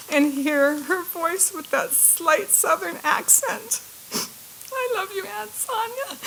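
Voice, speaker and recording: A woman's voice: medium pitch, fairly bright tone, poor audio. A woman, a victim's aunt, reads a prepared impact statement in a courtroom, her voice breaking with emotion at times. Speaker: victim's family member giving an impact statement.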